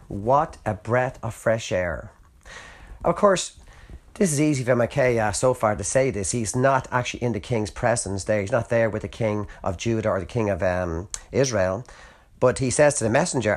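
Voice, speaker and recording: A man's voice: mid-range voice, lively intonation, normal speed. A man preaching an earnest, emphatic sermon, reading scripture aloud and posing rhetorical questions.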